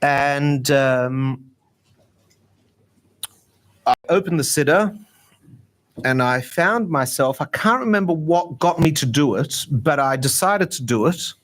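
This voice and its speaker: A man, a rabbi, giving an informal, chatty talk on prayer and meditation at a gathering, lively and self-mocking. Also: on the high side, takes it slowly, long pauses.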